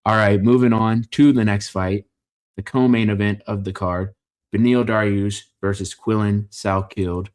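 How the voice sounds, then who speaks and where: A man with a fairly low voice runs through a fight card in casual reaction commentary. He is opinionated and jokey, rambling a little and catching his own slips. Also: steady tone, a little slow, a little mellow. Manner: opinionated, joking, rambling with self-corrections. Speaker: MMA fight reaction host.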